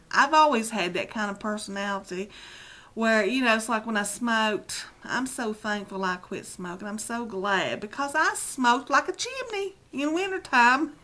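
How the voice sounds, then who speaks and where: Speaking in a fairly high, expressive voice that's a little slow, bright and forceful, this middle-aged video blogger rambles to her webcam. She runs herself down as she talks, on the edge of tears.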